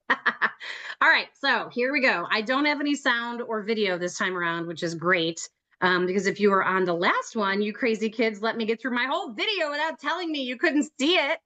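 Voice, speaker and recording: A woman's voice: a little high, moderate pace, pushed and bright. Chatty woman leading a video call. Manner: chatty and joking, laughing often. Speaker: trip leader running an online meeting. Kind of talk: casual meeting talk.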